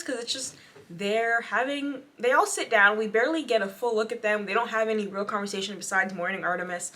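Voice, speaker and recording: A woman's voice: a little high, pushed and bright. Sardonic, chatty young woman reactor. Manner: sardonic, chatty, quick asides. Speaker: reaction video host. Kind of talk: casual commentary.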